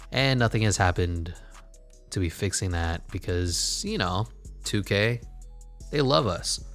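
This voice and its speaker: A man's voice: lowish voice, a bit bright. A man commentating his basketball video game in a casual, sarcastic way, swearing and muttering asides. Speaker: gaming channel host.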